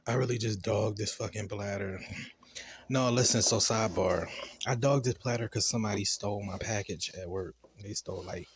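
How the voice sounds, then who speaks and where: Man, low voice, AAVE, casual profane show-review rant, laughs easily. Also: normal speed. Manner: loose, chatty, profane storytelling with laughs.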